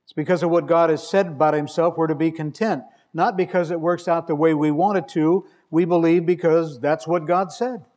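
A man's voice: a little high, steady tone, normal speed, few pauses, a little mellow. A male preacher delivering a sermon, telling stories with dry humor and reading scripture with emphasis. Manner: wry, conversational storytelling with emphatic scripture reading.

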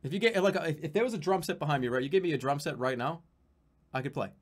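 A man's voice: a little high, animated, racing. A man from the United States streaming live, chatting casually in a rambling, profane, joking way with many restarts.

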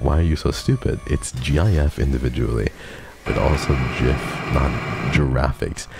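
A man's voice: a bass voice, gravelly, background noise. A man streaming a game, bantering with his chat in a teasing, profane, mock-menacing way. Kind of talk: casual gaming stream chat.

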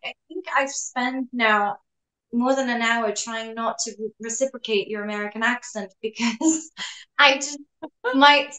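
An actress being interviewed in casual chat, telling lively stories, slipping in French words and laughing often. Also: female voice, sits high. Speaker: actress guest. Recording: roomy echo.

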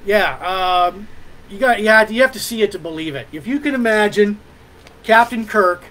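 A man's voice: high-pitched, normal speed, pushed and bright, poor audio. A man hosting a livestream in casual chat, rambling with many fillers and restarts. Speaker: livestream host.

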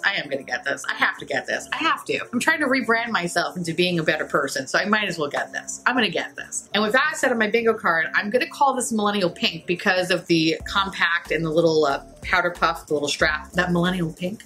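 A woman's voice: on the low side, expressive, fast, few pauses, pushed and bright, soft background music. A woman doing a casual makeup review, blunt and profane, often breaking into giggles. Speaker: beauty YouTuber.

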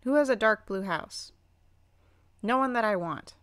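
Young woman gamer rambling over gameplay, excitable, swears a lot, dry close sound no room. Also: on the high side, measured pace, dry recording. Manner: excitable, squealing and swearing at the game. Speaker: gaming channel host. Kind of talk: casual gameplay commentary.

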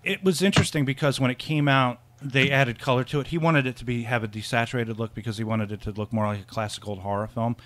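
A man's voice: medium pitch, fairly even intonation, fast talker, few pauses, fairly bright tone. A man co-hosting a casual film podcast, rambling and laughing often, with many restarts. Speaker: podcast co-host.

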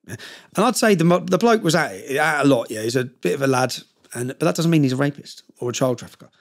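A man's voice: mid-range voice, expressive, fast. A man, a podcast guest telling a long story in casual conversation, emphatic and fond of tag questions like "yeah?".

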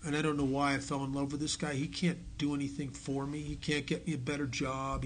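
A man giving a recovery talk at a meeting, telling his story earnestly and dropping to a hush on key lines. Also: medium pitch, flat delivery, fairly quick, hardly any pauses, a little hiss or hum. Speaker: AA speaker. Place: meeting hall.

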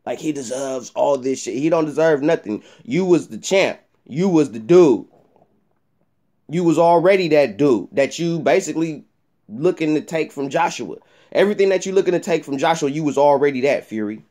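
A man's voice: fairly high pitch, animated, normal speed, dark tone. Heated profane man ranting about boxing. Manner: profane, heated, repetitive rant. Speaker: boxing vlogger. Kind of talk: ranting commentary to camera.

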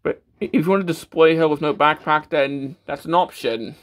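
A man casually reviews a toy in a fairly high, fairly bright voice at normal speed. His talk is full of stammers, "uh"s, and restarts, delivered matter-of-factly with some self-deprecation.

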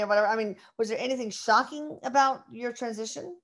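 A woman's voice: fairly high pitch, fast, fairly bright tone. Woman interviewer asking eager questions. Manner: short backchannel replies, eager questions.

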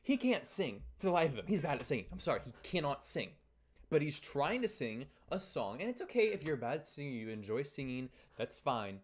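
A man's voice: a little high, sing-song, a little fast, a little mellow. A teenage guy telling a story to his viewers in a casual vlog. He sounds exasperated and rambles with frequent restarts. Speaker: YouTuber.

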